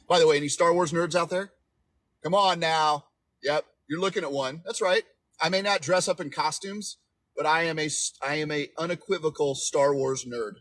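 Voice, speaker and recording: A man's voice: fairly high pitch, a bit bright, slightly rough. A man in his forties giving relationship advice on a livestream, emphatic and repetitive, often asking "okay?". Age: 40s. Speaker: relationship coach.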